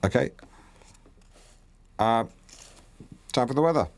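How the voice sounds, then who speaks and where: A man's voice: medium pitch, animated, takes it slowly. A man hosting a radio show, talking in a bumbling, awkward and self-important way. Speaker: radio presenter. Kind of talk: comic radio presenting.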